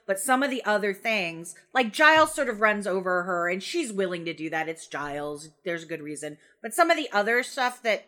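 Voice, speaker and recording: A woman in a casual podcast chat, blunt and lively as she makes her points. Her voice has a bright, sharp edge. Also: mid-range voice, normal speed, hardly any pauses. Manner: animated and frank, swears for emphasis. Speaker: podcast co-host. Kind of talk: casual discussion of a TV episode.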